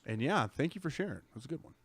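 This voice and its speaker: A man's voice: mid-range voice, big pitch swings, rapid-fire, a bit bright, breathy edge, dry recording. Rambling casual man on a live podcast. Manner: rambling, self-correcting, enthusiastic. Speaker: podcast co-host. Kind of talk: casual chat.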